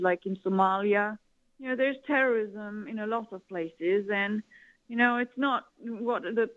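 A woman's voice: a little high, fairly bright tone. A woman from Italy, a guest advising governments, talking in a rambling way with many "you know" fillers. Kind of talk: conversational interview. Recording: tinny phone-like line.

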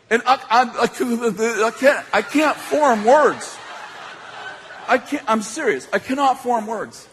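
A man preaching a sermon as an animated storyteller, laughing often as he tells a story to a hall audience. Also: very high-pitched, a little slow, slight background noise. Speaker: pastor. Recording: echoey hall.

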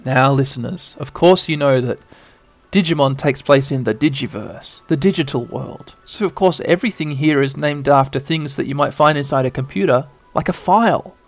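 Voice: mid-range voice, normal speed, soft background music. A podcast narrator retelling a game's cutscenes as a bedtime story, rambling with playful asides.

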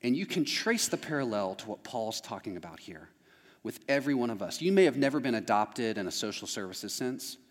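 A man's voice: medium pitch, big pitch swings, fairly quick. A man delivers a sermon in an easygoing, conversational way, turning often to his listeners. His voice sits in a middle register. The sound carries a long hall reverb. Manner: conversational, addresses the audience directly. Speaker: pastor.

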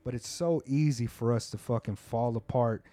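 A man's voice: mid-range voice, moderate pace, warm tone, no echo. A man hosting a podcast, talking at length in a laid-back, talkative way and swearing a lot. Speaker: podcast host. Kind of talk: casual chat.

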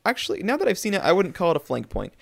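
A man's voice: sits high, huge pitch swings, rapid-fire, creaky. A man co-hosting a casual gaming podcast, chatty and upbeat, explaining game updates. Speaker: podcast co-host.

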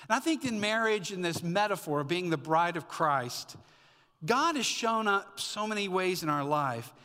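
A man's voice: high-pitched, lively intonation, normal speed, pushed and bright, in a large hall. A middle-aged man preaching a sermon as a pastor, conversational and storytelling with asides. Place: church sanctuary.

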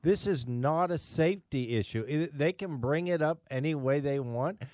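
A man's voice: a little high, moderate pace, a little mellow, no echo, clean studio sound. A man appearing as a guest on a talk radio show, speaking emphatically and indignantly, with frequent restarts.

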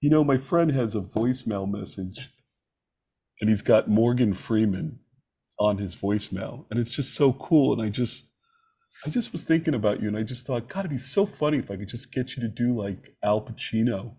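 A man doing an impression of a soft-spoken male rock star who talks in a hushed, polite way. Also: lowish voice, animated, normal speed, husky. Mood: gentle.

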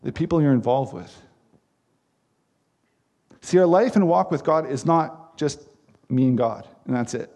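A man's voice: mid-range voice, animated, measured pace, long pauses, dark tone. A man preaching a sermon as pastor, earnest and emphatic, with repeated phrases.

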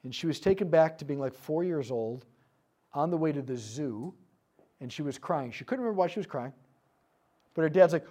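A man teaching a group, telling a story about inner-healing prayer and dropping to hushed tones for quoted prayers. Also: a little high, expressive, fairly quick. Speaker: speaker leading a prayer ministry session.

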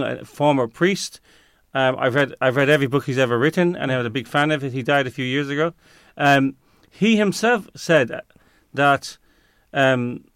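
A man speaking as a guest on a talk show, his voice smooth and clean and close to the mic with no room sound. He pauses to hunt for words and often restarts his sentences. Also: mid-range voice, a bit bright, no room sound. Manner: searches for words, frequent fillers and restarts. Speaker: interview guest. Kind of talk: conversational interview answer.

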